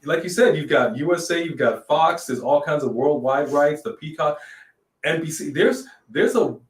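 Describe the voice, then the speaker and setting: A man co-hosting a casual wrestling chat, animated, riffing and joking. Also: a little high, normal speed, distant mic. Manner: animated, sings jokingly, reads in a newscaster voice. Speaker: podcast co-host. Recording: echoey room, off-mic.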